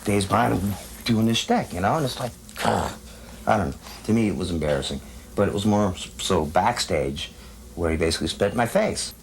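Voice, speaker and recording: Guy musician in an interview, lowish voice, lots of uh and restarts, faint hiss. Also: expressive, vocal fry, rough recording. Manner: halting, full of fillers and restarts. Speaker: band musician being interviewed. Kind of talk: candid TV interview.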